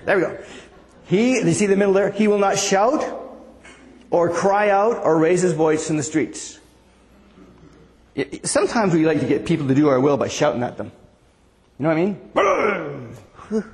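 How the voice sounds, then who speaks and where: A man preaching a conversational sermon as pastor, asking the congregation questions. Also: fairly high pitch. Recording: long hall reverb.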